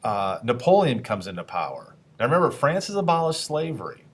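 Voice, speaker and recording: With a middle-pitched voice that is very animated, slightly bright and a little rough, a man delivers a history lecture like a teacher addressing students. His tone stays informal as he questions the audience and does quick, jokey impressions of historical figures before resuming.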